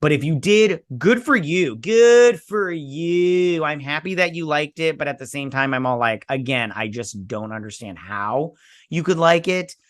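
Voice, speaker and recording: A man's voice: medium pitch, animated, moderate pace, a bit bright, no room sound, studio quality. Blunt, sarcastic man reviewing on camera. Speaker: host. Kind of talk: casual review vlog.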